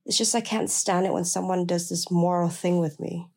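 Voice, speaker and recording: A fiery woman, quick to rage and quick to swear, as a female narrator puts her on. The voice is low and gravelly, with a dark, mellow tone. The lines come as hot, cursing retorts. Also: fairly even intonation. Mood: apologetic.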